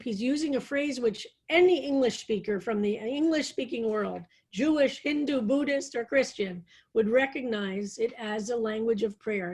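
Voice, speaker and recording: A woman rabbi leading an online psalm study, reading verses aloud slowly and explaining them with thoughtful enthusiasm. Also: on the high side, lively intonation, a little mellow, husky. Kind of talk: online text study class.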